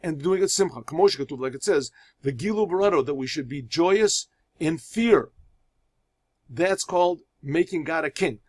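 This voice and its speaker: Rabbi translating Hebrew line by line. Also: male voice, a little high, lively intonation. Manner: reads Hebrew phrases and translates each into English; storytelling with restarts and pauses. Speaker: rabbi teaching a class. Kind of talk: religious lesson.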